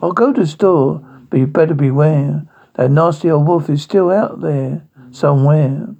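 A prim, fussy little pig, as a man puts him on, speaking in rhyme in a raised, husky voice. He sounds put-upon but proper. The take is dull and lo-fi. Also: fairly high pitch, normal speed, mellow.

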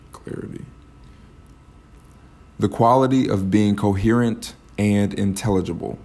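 A man hosting a solo podcast, reflecting aloud in a halting way, with many fillers and restarts. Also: lowish voice, creaky, darkish tone. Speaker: podcast host.

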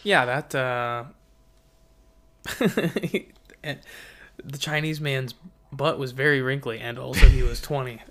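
A young man with a mid-range voice trades dry, sarcastic remarks as a comedy podcast co-host. He speaks into a studio mic with a pop filter, in a deadpan, offhand way. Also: mid-range voice, slow, long pauses. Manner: dry, sarcastic comments on the text.

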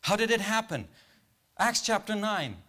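Male preacher, high-pitched, interactive call-and-answer delivery to a congregation. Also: sing-song, measured pace, bright, forceful tone. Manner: questions the congregation and waits for answers. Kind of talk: interactive sermon. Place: church.

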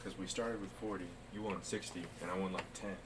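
A man's voice: deep voice, fairly even intonation, a little fast, noisy background. A man from the United States co-hosting a casual podcast, telling rambling, profane stories. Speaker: podcast co-host.

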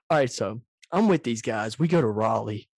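A man's voice: mid-range voice, expressive, measured pace, darkish tone, no echo. Young guy hosting a podcast, right up on the mic, swears a lot, dry sound. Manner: profane, laughing, storytelling. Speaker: podcast host. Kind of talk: casual chat. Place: online video call. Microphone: very close to the mic, loud.

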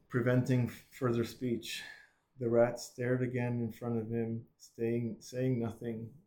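A man narrating a classic storybook in a measured, even reading with small slips. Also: mid-range voice, rough recording. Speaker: audiobook reader.

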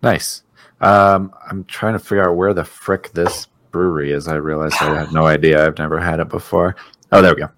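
A man's voice: sits low, steady tone, a little fast, fairly bright tone, dry recording. A man co-hosting a podcast, chatting casually and joking, laughing often. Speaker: podcast co-host. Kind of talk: casual chat.

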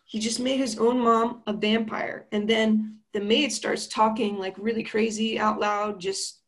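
A woman's voice: fairly high pitch, level tone, measured pace. Chatty young woman recapping a film. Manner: chatty, slangy, playful storytelling.

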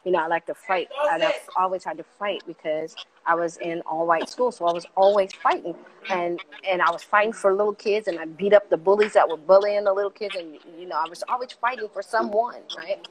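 A middle-aged woman with a fairly low voice speaks as a guest in a casual conversation. She talks with passion and insistence and pushes her voice up when she drives a point home. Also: a little fast, a little hiss or hum, rough recording. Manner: passionate, emphatic, gets louder as she makes a point.

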